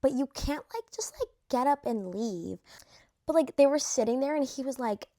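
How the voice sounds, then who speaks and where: A young woman talks casually straight to her viewers, ranking reality show contestants. Her talk is loose and slangy and full of fillers. Her voice sits a little high. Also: lively intonation, normal speed, dark tone. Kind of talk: casual chat to camera.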